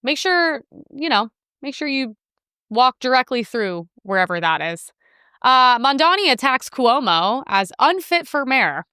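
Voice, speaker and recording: A woman's voice: high voice, very animated, measured pace, sharp tone, smooth, no echo, studio quality. A woman hosting a political commentary show, reacting to news clips in a brash, sarcastic, profane way.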